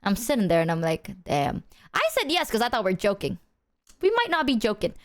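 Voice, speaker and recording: A woman's voice: fairly high pitch, big pitch swings, fast. A woman streamer chatting casually with her viewers, playful and swearing freely, breaking into silly sung bits.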